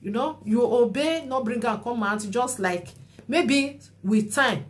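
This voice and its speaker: A woman's voice: a little high, a little slow. A woman with a Nigerian Pidgin accent giving chatty, preachy advice as a vlogger. She often adds "you know" while she comments. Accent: Nigerian Pidgin English. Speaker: vlogger commenting on a viral clip.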